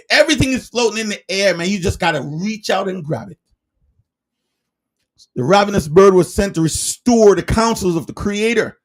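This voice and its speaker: A man preaching in a livestreamed sermon, emphatic and firing rhetorical questions, sometimes shouting. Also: high-pitched.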